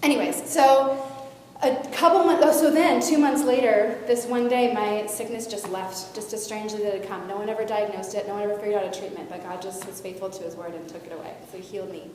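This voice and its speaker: Animated woman telling her story in a hall. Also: medium pitch, quick pace. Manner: animated storytelling with lively shifts in loudness. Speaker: guest speaker. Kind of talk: personal testimony to a youth audience. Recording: echoey hall, faint noise.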